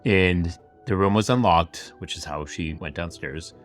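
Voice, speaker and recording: Male podcast host, very low voice, casual chatty true-crime retelling, faint music underneath. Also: measured pace, a bit bright. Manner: chatty retelling full of "like" and asides. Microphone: camera-facing setup.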